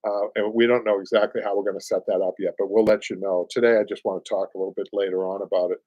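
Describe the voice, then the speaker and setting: Speaking fast in a lowish, level voice, a Boston-accented man in his late fifties runs a casual live upholstery show full of rambling chat, fillers and small chuckles. There's no echo, though the highs are cut off.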